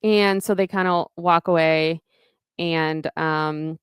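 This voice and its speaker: A woman's voice: deep voice, steady tone, slow, smooth, dry recording, studio quality. A woman co-hosting a podcast, casually recapping a novel's scenes and reading out bits of dialogue. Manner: retells scenes, voicing lines of dialogue. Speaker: podcast co-host. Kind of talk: casual book recap chat.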